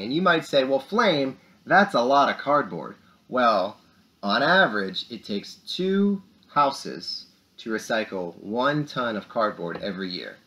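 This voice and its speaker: A young man hosts a school morning show for children. His pitch rises and falls widely as he talks to his young viewers with animated, upbeat energy. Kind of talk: lively kids' morning announcements.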